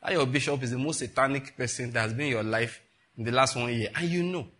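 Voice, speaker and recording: A man's voice: mid-range voice, fast talker, fairly bright tone. A man preaching a sermon in a conversational way, with rhetorical questions and laughing asides. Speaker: pastor.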